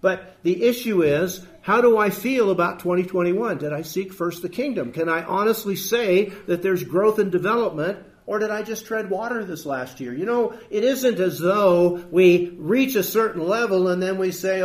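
Emphatic high-voiced male preacher. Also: moderate pace, few pauses. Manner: emphatic, rhetorical questions, quotes scripture. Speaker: pastor. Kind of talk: sermon.

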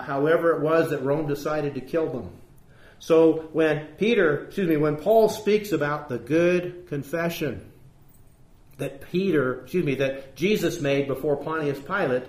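A man preaching a sermon, earnest and emphatic, reading scripture aloud and explaining it, lifting his voice on key points. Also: a little high. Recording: roomy echo.

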